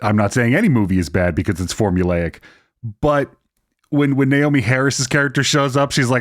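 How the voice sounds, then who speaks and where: A man co-hosting a casual movie podcast, telling stories in an animated way and swearing casually. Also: mid-range voice, a little fast, no echo, clean studio sound. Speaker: podcast co-host.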